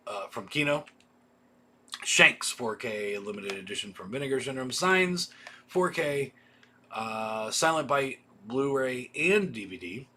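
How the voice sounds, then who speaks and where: A man's voice: mid-range voice, pushed and bright, a little hiss or hum. A man hosting a casual livestream, reading off a list of titles with offhand asides. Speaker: video store host. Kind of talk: casual livestream product rundown.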